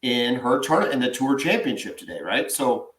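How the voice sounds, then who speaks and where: A man's voice: medium pitch, sing-song, normal speed, a bit bright. A man, co-hosting a sports podcast and ranting with strong opinions. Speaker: podcast co-host. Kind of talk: casual sports podcast chat. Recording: echoey room.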